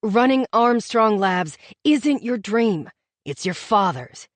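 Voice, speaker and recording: A woman voicing a tender, earnest young man in love in an audiobook, speaking gently and pleadingly. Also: a little high, animated, takes it slowly, dry recording. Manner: gentle, soft-spoken, pleading. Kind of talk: audiobook character voice.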